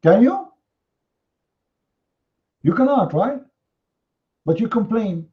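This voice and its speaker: Male debate host, fairly high voice, combative and sarcastic, non-native English, slightly muffled stream audio. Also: animated, slow. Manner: confrontational, mocking, rhetorical questions. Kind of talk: heated live online debate.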